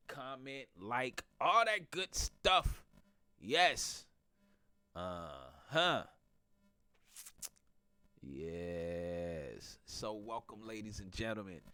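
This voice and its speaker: A man's voice: medium pitch, lively intonation, extremely slow, pushed and bright, smooth, no echo. A middle-aged man with a stuffy nose from a cold, hosting a casual morning talk show in a playful, teasing way. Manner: playful, teasing, laughs a lot. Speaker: podcast host.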